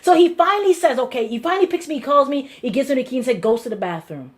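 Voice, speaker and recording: Guyanese woman pastor, lively testimony, somewhat high voice, repeats herself while telling it. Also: racing. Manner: animated storytelling with repetitions and restarts. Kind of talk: personal testimony to a congregation.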